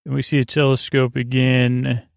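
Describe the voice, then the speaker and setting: A man hosting a podcast, recapping a TV episode in a halting, rambling way with many fillers and restarts. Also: medium pitch, monotone, gravelly, no echo, clean studio sound. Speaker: podcast host.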